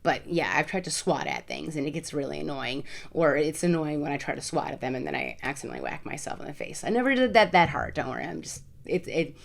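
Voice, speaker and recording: Frank, emphatic woman vlogger, slightly low voice. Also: lively intonation, quick pace, vocal fry, hardly any pauses. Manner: frank, emphatic, repeats words for stress. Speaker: vlogger answering viewer questions. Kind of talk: casual Q&A to camera.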